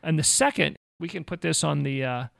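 A man with a strongly gravelly, creaky voice, pitched a touch above the usual, talks through a faith conversation in an animated storytelling way. The sound is dry and close. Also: fairly quick, no room sound. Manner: animated storyteller, acts out quotes. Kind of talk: casual faith talk with storytelling.

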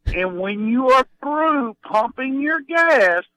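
A man's voice: extremely high pitch, animated, slow, sharp tone, no room sound, poor audio. A man calling in to a radio show, emphatically ranting about rude drivers. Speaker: caller. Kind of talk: phone-in chat.

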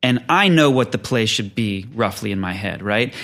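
A man's voice: fairly low pitch, moderate pace. A man in easy conversation about writing and directing plays. He tells stories with energy and slips into quoted voices to act out what people said. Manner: animated storyteller, acts out quotes. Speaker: playwright and director. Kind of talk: casual conversation.

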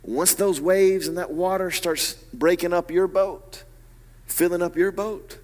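A man preaching a sermon as pastor, animated and swinging from hushed, low asides to loud, emphatic peaks. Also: a little slow, long reverb tail.

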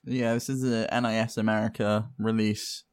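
A man co-hosting a gaming podcast in relaxed casual chat, trailing off mid-thought and laughing along. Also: fairly low pitch, moderate pace, clear, resonant tone. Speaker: podcast co-host.

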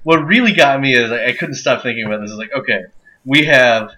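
A man's voice: medium pitch, fairly quick, bright, forceful tone, highs cut off. A man co-hosting a casual podcast chat, rambling and laughing often. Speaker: podcast co-host.

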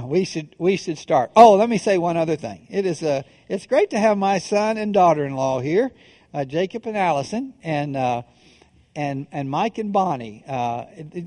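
A middle-aged man preaching from the pulpit, his voice sitting a little high for a man. He tells jokes at his own expense with stops and restarts, then slows into grave, deliberate phrasing. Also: lively intonation, warm tone. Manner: self-deprecating storyteller, halting restarts, then measured solemn delivery. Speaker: pastor. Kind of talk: sermon with humorous stories.

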